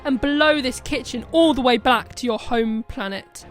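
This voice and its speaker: A bold female time traveller, read out by a woman, demanding and threatening in turns. Her voice sits a little high. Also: normal speed, soft background music, lightly acted. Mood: defiant.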